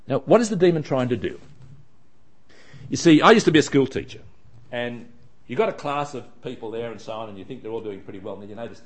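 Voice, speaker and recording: A man leads a Bible study in a chatty, wandering way, often restarting his sentences. His pitch swings widely, with lots of lift and drop. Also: lively intonation, quick pace, slight background noise. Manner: chatty, digressive, frequent restarts.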